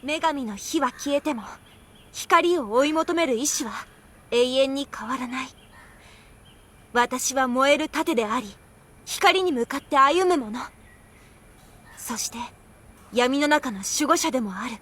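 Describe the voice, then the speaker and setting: A fierce young heroine from a game, vowing to stand as a guardian. Her voice sits high and bright above the speaker around her. She delivers each line as a determined, solemn declaration. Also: animated, brisk, long pauses. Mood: resolute. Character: resolute young heroine, a shield-bearing guardian.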